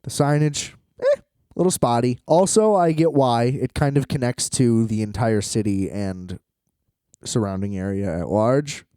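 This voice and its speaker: A man's voice: medium pitch, a little slow, dark tone, smooth, no room sound, studio quality. A tired man rambling in a solo vlog from a hotel room, exasperated, swearing and laughing often. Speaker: vlogger.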